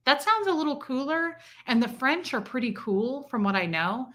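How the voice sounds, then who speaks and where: A woman's voice: sits high, big pitch swings, a little fast, hardly any pauses, sharp tone. A young woman hosting a livestream, effusively thanking viewers by name as she reads their messages. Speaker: livestream host. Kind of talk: casual livestream chat reading donations.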